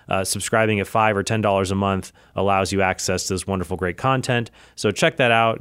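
A man hosting his own podcast from an office speaks casually, with frequent asides, in a fairly low, fairly bright, smooth voice. The recording is dry and of studio quality.

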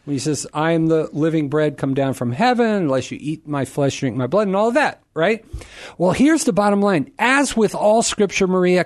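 A middle-aged man hosting a call-in radio show, explaining Scripture to a caller in an animated, emphatic way and acting out crowd voices for humor. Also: high voice, moderate pace. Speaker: Catholic radio host answering a caller. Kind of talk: call-in radio Bible teaching.

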